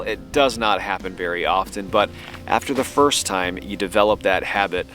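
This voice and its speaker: A man with a slightly low voice hosts a casual metal detecting vlog from a lake beach. He explains his finds in an eager, teaching way. Background music runs clearly under his words. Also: moderate pace, fairly bright tone. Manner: explanatory, enthusiastic about finds. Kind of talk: casual outdoor vlog narration.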